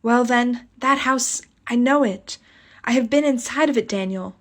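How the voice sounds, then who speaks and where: A woman's voice: on the high side, unhurried, lightly acted. A woman reading as a distraught young wife who pleads in fear and confusion. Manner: pleading, breathless, fearful.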